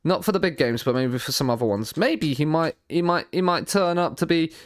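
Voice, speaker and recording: A man streaming a football management game, thinking out loud in a rambling way, often repeating and restarting his words, with dry sarcastic asides. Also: on the high side, fairly quick, no echo. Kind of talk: live stream commentary while playing a football manager game.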